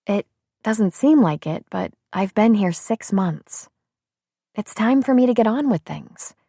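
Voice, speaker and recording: A woman's voice: mid-range voice, lively intonation, a little slow, vocal fry, warm tone, slightly rough, dry recording, clean studio sound, pitched above the performer's own voice, full character voice. A woman voicing a determined, spirited young niece who speaks firmly and emphatically. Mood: resolute. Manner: firm, upbeat and emphatic.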